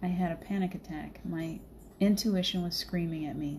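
A woman's voice: lowish voice, steady tone, normal speed, a little mellow, a little hiss or hum. Chatty, laughing middle-aged woman storyteller. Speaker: livestream host. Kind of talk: casual spiritual chat.

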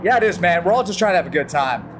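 An American man on a live stream, chatting casually and excitedly with his viewers and greeting them by name while he races. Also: high-pitched, racing, background noise. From United States. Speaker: gaming livestreamer.

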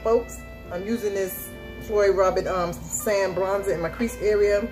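A woman's voice: medium pitch, normal speed, few pauses, rough recording. A woman vlogger talking through her makeup tutorial in a chatty, exuberant way, repeating her catchphrases. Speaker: beauty vlogger. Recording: music playing behind her.

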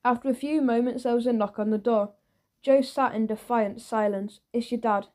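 A woman narrating a children's audiobook in a lively, playful way. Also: on the high side, moderate pace.

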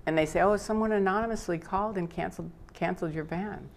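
Older woman, interview guest, animated and emotional retelling, slightly low pitch. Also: quick pace. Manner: animated, tearful at times, acts out quotes. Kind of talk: emotional personal storytelling.

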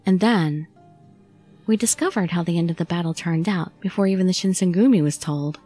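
A woman narrating a visual novel in the first person with a steady storytelling read. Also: fairly low pitch, a little fast, soft background music. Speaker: audiobook narrator.

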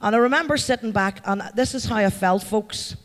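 Northern Irish man, high-pitched, heartfelt and chatty, giving an award speech in a reverberant hall. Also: brisk, fairly bright tone. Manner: heartfelt, chatty, thanks the crowd by name. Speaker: award recipient addressing a company event. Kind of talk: acceptance speech to a live audience. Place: large event hall.

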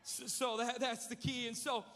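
A man preaching a sermon, telling a humorous story with lively energy in a large church. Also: extremely high pitch, moderate pace, big-room sound. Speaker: pastor.

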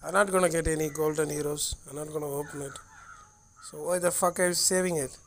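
A man's voice: on the high side, steady tone, quick pace, a little hiss or hum. A man hosting a gaming channel, giving gameplay commentary while he swears, vents his frustration and apologizes to viewers. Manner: frustrated, swearing, venting openly.

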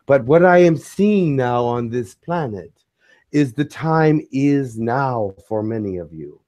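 A man channeling a spiritual message to a small community, speaking in a measured, solemn way. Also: mid-range voice, lively intonation, darkish tone.

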